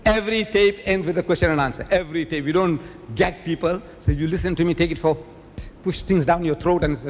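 An older man from South Africa giving an animated public lecture, telling stories and mimicking the people in them. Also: a little high, fast talker, in a large hall, a little hiss or hum. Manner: animated storytelling, mimicking others. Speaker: preacher.

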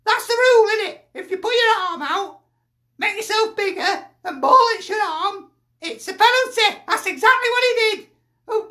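A man's voice: very high-pitched, bright, forceful tone, heavily acted. A man voicing a sweary, exasperated older northern aunty, a football fan with a Lancashire accent, ranting and sighing in a comic video. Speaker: football pundit persona.

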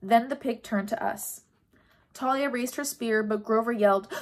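A woman reading a first-person audiobook chapter, expressive, with a pace that slows and quickens. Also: on the high side. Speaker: audiobook narrator.

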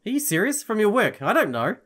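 A man's voice: high voice, big pitch swings, fast talker, fairly bright tone, voice pushed up. A man voicing a grumpy, penny-pinching male hostel manager in a game, talking in a sarcastic, exasperated way.

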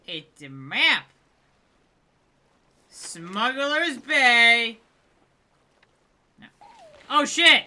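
A man hosting a let's play gaming video, commenting with excitable, jumpy reactions and exclamations. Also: extremely high pitch, very slow, pauses often.

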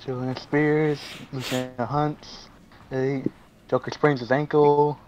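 A man's voice: mid-range voice, little pitch movement, slow, darkish tone, lo-fi sound, a little hiss or hum. A young man reading out game events to friends, laughing and swearing in surprise. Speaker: gaming video host.

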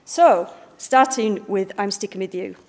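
A woman's voice: mid-range voice, measured pace, darkish tone. Bubbly woman with a northern English accent. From Bradford, northern England. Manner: chatty, bubbly, jokey. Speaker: picture book art director giving a talk. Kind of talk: informal public lecture. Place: library event room with a live audience.

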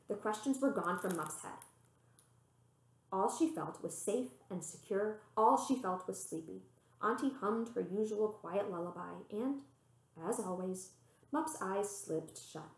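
A woman's voice: measured pace, vocal fry, roomy sound, rough recording. A woman librarian reading a children's storybook aloud, lifting her voice for the characters. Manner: expressive, voicing the characters with pitch lifts.

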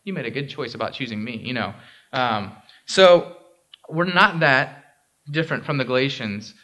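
A man's voice: medium pitch, expressive, normal speed, pushed and bright. A male pastor giving a conversational sermon in a church. He asks the congregation questions and often checks in with "right?". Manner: casual and interactive, frequent "right?" and "um". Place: church sanctuary.

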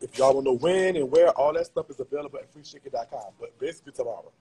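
A man's voice: mid-range voice, racing, warm tone, low-quality recording. A man chatting casually with viewers on a live stream, slangy and laughing often. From Louisiana.

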